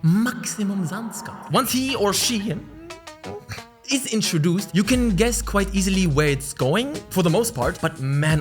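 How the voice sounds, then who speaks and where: A man talks through a film review in a loose, playful way, tossing in jokey asides. His voice sits fairly high for a man. Soft music plays faintly underneath. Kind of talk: casual video film review.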